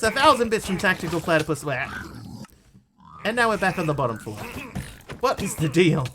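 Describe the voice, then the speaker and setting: Chatty streamer man, high voice. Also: background noise. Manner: chatty, scattered, yelps and thanks viewers. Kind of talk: live game stream chat.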